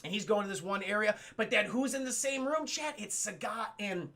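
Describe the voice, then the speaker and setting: A man recapping a film on a live stream, excitable and profane, often laughing. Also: high voice, brisk.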